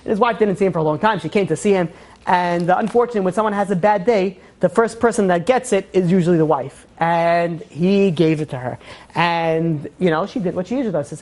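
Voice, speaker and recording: A woman telling a moral story in a lecture, animated and acting out the characters' lines. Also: fairly low pitch, fairly quick. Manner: animated, acts out quoted dialogue. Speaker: teacher of Torah.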